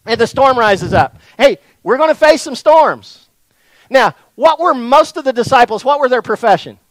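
A man preaching a sermon to a congregation, folksy and animated, swinging from near-shouts down to soft, low lines. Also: normal speed, no echo, low-quality recording. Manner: folksy, addresses the congregation directly. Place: church in front of a congregation.

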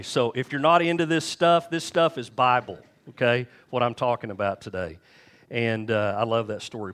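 Folksy preacher man, lowish voice. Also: a bit bright. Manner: folksy storytelling, addresses congregation directly. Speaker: pastor. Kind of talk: sermon. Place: church.

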